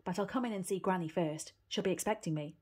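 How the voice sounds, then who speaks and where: A woman's voice: on the low side, quick pace, breathy edge. A woman voicing a young girl in a storybook reading, eager and pleading, sometimes stubborn. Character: eager little girl, stubborn yet sweet.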